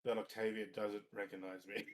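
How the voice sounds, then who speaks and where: A player in a tabletop game, describing their character's thoughts in a quiet, low-key way. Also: little pitch movement, brisk. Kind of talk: tabletop role-play chat.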